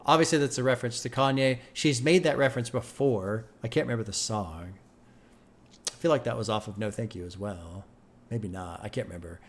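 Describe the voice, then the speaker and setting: A man's voice: mid-range voice, a little fast. Casual, swearing male reaction host. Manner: emphatic and profane, thinking aloud.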